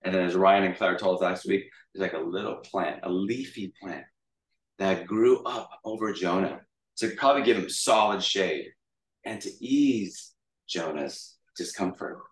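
A man with a deep voice preaches a relaxed, lively sermon, recounting a story in a chatty storytelling way at a measured pace. The mic sits far off in a room full of echo.

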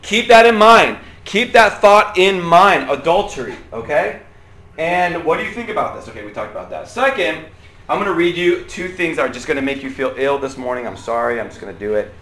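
A man preaching a sermon to a room, animated, swinging from loud outbursts to quiet asides and asking the audience questions. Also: mid-range voice, fast, reverberant. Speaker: pastor.

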